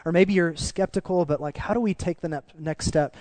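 A man preaching a sermon, telling stories in a conversational, earnest way that drops soft for emotional moments. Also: fairly high pitch, a little fast, dry recording. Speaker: pastor. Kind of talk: sermon with storytelling.

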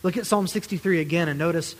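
Preacher, male, slightly high voice, earnest and pleading, long church reverb. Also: quick pace. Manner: earnest, building to pleading intensity then dropping to near-whispers. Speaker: pastor. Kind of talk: sermon.

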